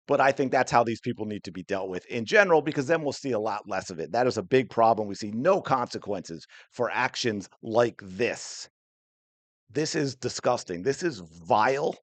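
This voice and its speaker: A man's voice: medium pitch, a bit bright, dry recording. A man hosting a sports podcast, delivering heated, indignant commentary in an angry rant. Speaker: podcast host.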